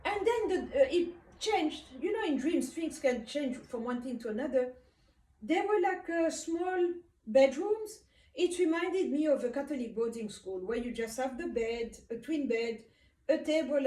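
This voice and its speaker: A woman from Africa tells a dream as personal testimony. Her voice sits high and mellow, and she pauses often with small fillers. She is heard from a distance in a room with noticeable echo. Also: lively intonation. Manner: unhurried, hesitant, frequent uh fillers. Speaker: speaker recounting a dream. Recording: roomy, distant from the mic.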